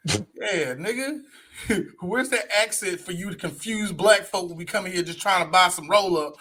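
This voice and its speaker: A man co-hosting a podcast, talking in a high, bright, cutting voice. He rants in loose, profane casual chat and often breaks into laughter. The energy stays animated throughout. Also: normal speed, slightly rough. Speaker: podcast co-host. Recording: audio podcast.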